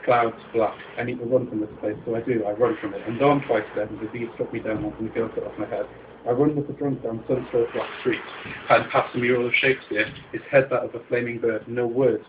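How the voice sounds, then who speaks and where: A man's voice: mid-range voice, steady tone, brisk, background noise. A man performing his own poetry live in a dramatic, incantatory way, repeating refrains, on a muffled recording. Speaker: poet.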